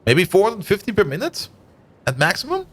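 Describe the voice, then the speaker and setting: A man in his thirties with a Dutch-German accent, raised in Germany, streams a game in casual let's-play commentary, thinking aloud, chatting with viewers and laughing easily. His voice sits high with huge pitch swings; it's brisk, a bit bright and husky.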